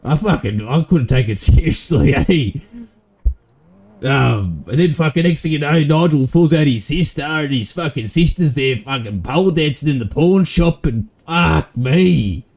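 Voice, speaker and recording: A man's voice: a little high, animated, a little slow, darkish tone. A man with an Australian accent, swearing and bantering in a roleplay game stream. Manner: crude, swearing banter in broad slang. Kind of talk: roleplay gaming chat.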